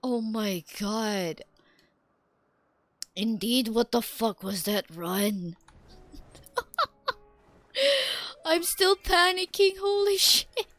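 A woman streaming a game, laughing and swearing in breathless excitement. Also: on the high side, very slow, pauses often, no room sound. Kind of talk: excited gaming stream chat.

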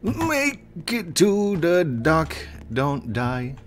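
A man's voice: extremely slow, faint music behind. A man hosting a casual gameplay session, joking, laughing and humming along. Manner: playful, laughs often, hums and sings along; excitable, pitch jumps high when alarmed. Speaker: gaming channel host.

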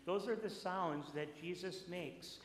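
A man, a pastor giving a playful children's message in a church, speaking gently with many fillers. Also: sits high, unhurried. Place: church sanctuary. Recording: echoey church with room noise.

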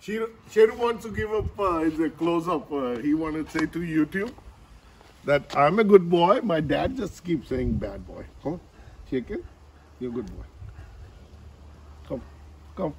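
A man's voice: a little high, expressive, moderate pace, darkish tone, a little hiss or hum, poor audio. A man at home talking casually to his dog and the camera, coaxing and repeating himself, laughing often, with non-native grammar. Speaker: dog owner vlogger.

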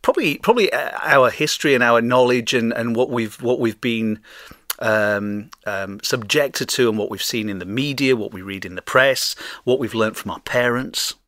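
A British man hosting a podcast interview, often halting and repeating words. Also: medium pitch, fairly bright tone, dry recording, clean studio sound. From Britain. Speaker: podcast host.

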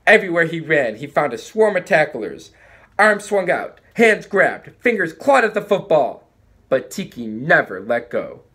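Husky man reading a storybook aloud. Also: on the high side, a little slow. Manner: animated, dramatic pacing. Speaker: storybook reader. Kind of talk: reading a children's book aloud.

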